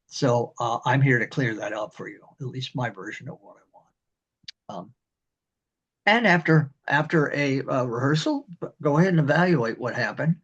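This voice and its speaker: Older band director guy rambling about conducting, scats rhythms, kinda husky, dull lo-fi audio. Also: medium pitch, lively intonation, a bit bright. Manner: rambling, halting, with many fillers and sung rhythms. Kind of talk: instructional talk on conducting.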